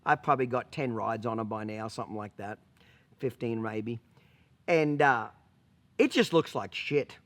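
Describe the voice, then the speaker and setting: A man's voice: mid-range voice, normal speed. A man telling a story as a horse trainer, blunt and profane, punctuating points with rhetorical questions. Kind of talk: storytelling vlog.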